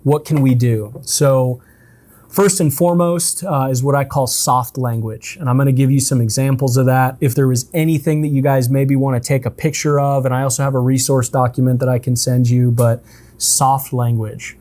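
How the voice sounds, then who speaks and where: Man, sales trainer, casual coaching, relaxed conversational manner, dark mellow tone. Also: mid-range voice, moderate pace. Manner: relaxed and conversational, often checks in with "right?". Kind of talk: casual in-person coaching session.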